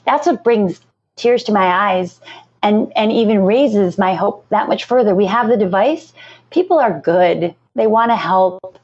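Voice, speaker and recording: A woman's voice: medium pitch, animated, measured pace, darkish tone, slightly rough. A woman, a nonprofit founder, talking earnestly and passionately in a podcast interview, often repeating herself. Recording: muffled lo-fi audio.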